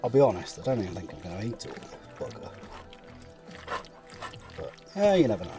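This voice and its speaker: This vlogger's voice sits on the low side, mellow and fairly quick, with big swings in pitch over soft background music. Outdoors at a forest car camp, he makes pasta while rambling, joking at his own expense and dropping the odd swear.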